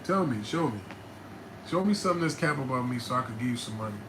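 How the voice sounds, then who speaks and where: Loose, animated man on a livestream. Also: mid-range voice, fast talker, noisy background. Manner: loose, emphatic, swings into loud animated bursts; repeats "you know what I'm saying". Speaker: host answering viewer questions. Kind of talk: casual livestream chat.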